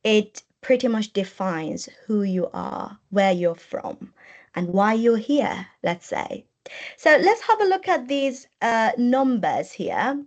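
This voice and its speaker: A woman's voice: on the high side, lively intonation, slow, darkish tone. Woman giving a webinar talk. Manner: explanatory, repeats and rephrases while talking. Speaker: webinar presenter. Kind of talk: webinar lecture. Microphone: computer mic on a video call.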